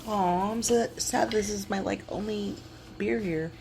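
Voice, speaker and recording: A woman's voice: mid-range voice, fairly even intonation, a little slow, creaky, background noise. A woman co-hosting a podcast in casual chat with friends, blunt, swearing freely and laughing often. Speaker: podcast co-host.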